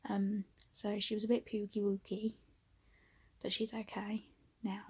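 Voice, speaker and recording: A woman's voice: mid-range voice, completely flat delivery, measured pace, slightly rough. A young woman vlogging at home, out of breath, chatting casually and often dropping into a whisper. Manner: coos softly to her cat. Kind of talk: casual vlog chat.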